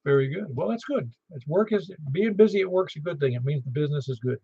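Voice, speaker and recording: A man's voice: fairly high pitch, animated, fast talker, gravelly, background noise. Easygoing man running a radio net. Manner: chatty, easygoing. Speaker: net control host. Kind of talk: casual ham radio net chat. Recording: muffled radio audio.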